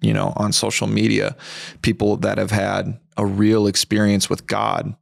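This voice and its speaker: A man's voice: on the low side, completely flat delivery, gravelly, no room sound. A man hosting a faith podcast, chatting in a reflective, conversational way. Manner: conversational, reflective, quick back-channel replies. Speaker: podcast host. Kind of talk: casual chat.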